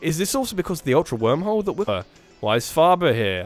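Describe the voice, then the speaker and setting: A man's voice: fairly high pitch, big pitch swings, fast, soft background music. A man hosting a let's play video, giving casual game commentary in a rambling way, full of restarts and joking asides.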